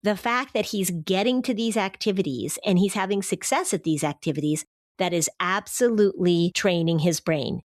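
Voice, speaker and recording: A woman co-hosting a parenting podcast, giving advice in a conversational, animated way and acting out what kids say. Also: on the low side, moderate pace, no echo, studio quality. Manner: animated, acts out kids' voices in quotes. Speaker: podcast host, anxiety expert.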